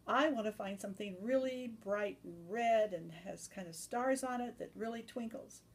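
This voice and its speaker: A woman's voice: medium pitch, normal speed, close to an everyday voice. A weary, forgetful aging tooth fairy, as a woman telling a story puts her on. Her speech is meek and trails off, in a mid-range voice. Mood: hopeful. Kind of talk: told storytelling.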